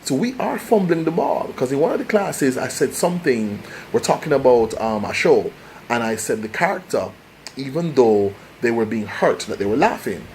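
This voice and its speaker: A man's voice: medium pitch, expressive, normal speed, darkish tone, slight background noise. A Jamaican man speaking in a casual, passionate monologue, emphatic and restarting his phrases often. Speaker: host.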